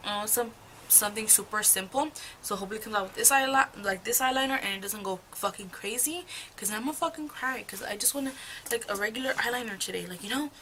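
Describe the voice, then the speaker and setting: In this low-quality clip with a little hiss or hum, a young woman talks fast in a slightly high, bright, forceful voice. She's a beauty vlogger doing a get-ready-with-me storytime at home, putting on makeup while rambling through a profane, gossipy story.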